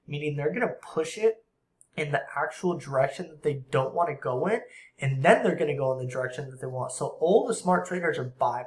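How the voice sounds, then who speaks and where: Animated young man teaching forex trading. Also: fairly high pitch, reverberant. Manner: animated, acts out traders and market makers in quick asides; slang-heavy and conversational. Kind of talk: casual screen-share trading tutorial.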